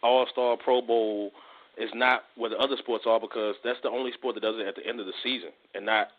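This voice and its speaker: A man with a mid-range voice chats about sports as a co-host. He is relaxed and halting and often repeats himself. The audio is squeezed and tinny, like a phone call. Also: medium pitch. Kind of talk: casual sports talk.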